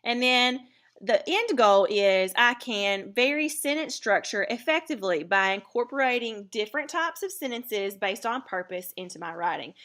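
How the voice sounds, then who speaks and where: Female teacher, bright tone, deliberate lesson delivery with small fillers. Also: mid-range voice. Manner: clear, deliberate explaining with fillers. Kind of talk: recorded writing lesson.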